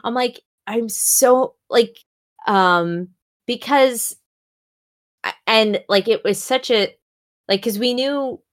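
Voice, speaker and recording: A young woman chatting casually about books, animated and full of fillers, jumping up in pitch when she acts out quotes. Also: takes it slowly, pauses often. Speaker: podcast co-host discussing books. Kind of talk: casual chat.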